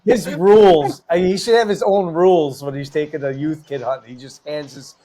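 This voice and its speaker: A man's voice: fairly high pitch, steady tone, a little fast, mellow. Easygoing podcast host man chiming in. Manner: easygoing, chiming in with short agreement. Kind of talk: casual chat.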